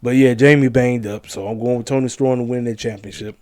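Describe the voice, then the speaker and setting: A man's voice: medium pitch, fairly even intonation, fairly quick, a little mellow, dry recording, studio quality. A tired man yawning late at night, hosting wrestling predictions in an emphatic, slangy casual chat that repeats points for emphasis.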